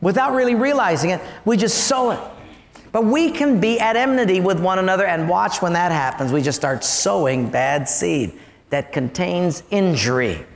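High, animated man preaching. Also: normal speed, vocal fry, echoey room, long reverb tail. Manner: animated storytelling, engages congregation. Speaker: pastor. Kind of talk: sermon.

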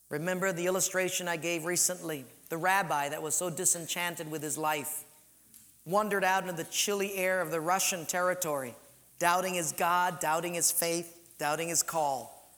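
A man preaching a sermon, emphatic, swinging from loud to soft and slowing down to stress points. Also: high-pitched. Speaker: pastor.

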